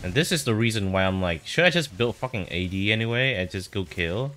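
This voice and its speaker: A man streaming a video game live, talking to himself in exasperated, swearing commentary with sudden loud outbursts. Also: lowish voice, expressive, a little fast.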